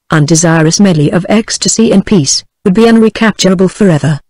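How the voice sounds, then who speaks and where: A woman's voice: fairly low pitch, dry recording. Synthetic British woman reading a novel. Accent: British English. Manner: even, synthetic reading cadence. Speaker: audiobook narrator. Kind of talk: text-to-speech book reading.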